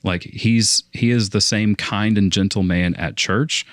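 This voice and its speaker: A man's voice: lowish voice, fairly even intonation, unhurried, fairly bright tone, no room sound, clean studio sound. A young man on a casual podcast, telling a long story in a rambling way and often restarting his sentences. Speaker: podcast co-host.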